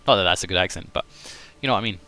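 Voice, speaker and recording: A man's voice: deep voice, very fast, pushed and bright. A man with an English accent chatting casually on a live game stream, self-mocking and talkative.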